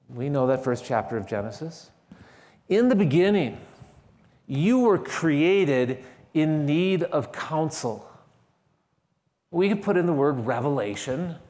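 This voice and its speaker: A man's voice: a little high, darkish tone, in a large hall. A man preaching a sermon, emphatic and repeating key phrases with shifting stress. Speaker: pastor.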